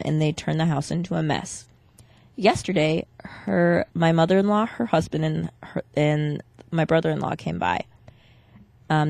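A woman's voice: deep voice, creaky, a little mellow, no room sound. A woman co-hosting a podcast, talking bluntly and matter-of-factly, and reading a listener's story aloud. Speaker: podcast co-host.

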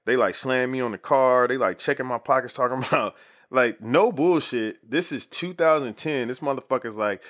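A man's voice: medium pitch, very animated, measured pace, fairly bright tone. A man in his thirties telling a story in casual, slangy talk full of "like" fillers. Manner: laid-back, slangy, lots of "like" fillers.

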